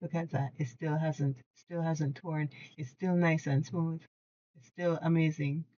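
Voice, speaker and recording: Chatty, excitable woman crafting at home. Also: sits low, unhurried, dull audio. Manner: chatty, excitable, laughs often, self-correcting. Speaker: craft tutorial host. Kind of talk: casual hands-on tutorial.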